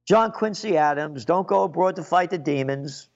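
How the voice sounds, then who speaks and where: A man delivers a solo rant, full of sarcasm and indignant emphasis. His voice sits fairly high for a man. The recording is muffled and lo-fi. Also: moderate pace. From the Bronx, New York. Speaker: commentator. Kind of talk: ranting solo commentary.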